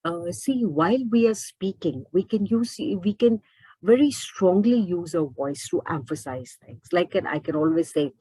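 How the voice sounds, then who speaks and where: Lowish, husky-voiced woman teaching grammar. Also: lively intonation, normal speed, mellow, no echo, poor audio. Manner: repeats and rephrases points, asks rhetorical questions. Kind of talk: explaining lesson.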